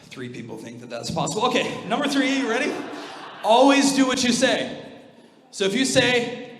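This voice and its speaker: A man's voice: extremely high pitch, sing-song, moderate pace, fairly bright tone. A man pastor preaching a sermon in a church, direct and emphatic with a joking streak. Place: church auditorium. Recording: echoey hall reverb.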